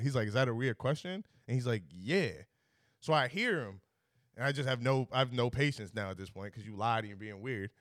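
A man's voice: mid-range voice, lively intonation, brisk, a bit bright, no room sound, studio quality. A young man hosting a podcast, telling a story in casual chat and acting out both sides of the exchange. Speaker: podcast host.

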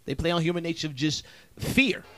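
A man's voice: on the high side, lively intonation, fairly quick, fairly bright tone, no echo. A man comedian chatting on a podcast, rambling and emphatic, swearing freely. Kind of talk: casual podcast chat.

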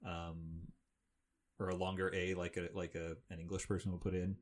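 Brief: low-voiced male podcast co-host, loose and rambling, lots of ums. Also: level tone, normal speed. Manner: rambling, with many fillers and restarts. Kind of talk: casual chat recapping a film.

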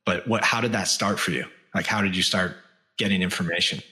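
Man, host, very deep pitch, bright tone, halting question, a bit off-mic. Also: fairly even intonation. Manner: halting, rephrases his question. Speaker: podcast host. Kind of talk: interview question.

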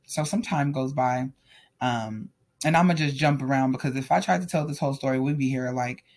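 Speaking at a medium pitch and a slightly fast clip, a man shares a personal story with his viewers. He's casual, candid, and animated, addressing them directly.

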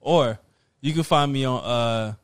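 A man's voice: mid-range voice, a little slow, smooth. A man co-hosting a podcast, joking and laughing through his lines. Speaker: podcast co-host. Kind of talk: joking casual podcast chat.

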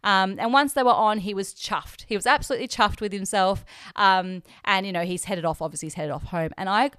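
A woman's voice: mid-range voice, a little fast, no room sound, clean studio sound. A young Australian woman hosting a podcast, telling a personal story in a chatty, emotional way and acting out the people in it. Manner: chatty, emotional, quotes herself and others in lively voices. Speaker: podcast host. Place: hotel room.

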